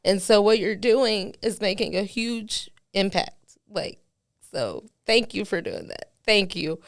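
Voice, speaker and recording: A woman's voice: mid-range voice, animated, slow, vocal fry. A woman hosting a podcast interview, heartfelt and affirming, with lots of casual fillers. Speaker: podcast host.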